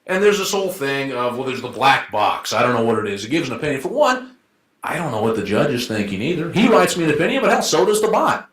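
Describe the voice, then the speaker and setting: Lively joking man in an echoey room. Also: mid-range voice. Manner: joking, rhetorical, quick back-and-forth asides. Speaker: debater, law firm associate. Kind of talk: informal debate argument. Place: event room.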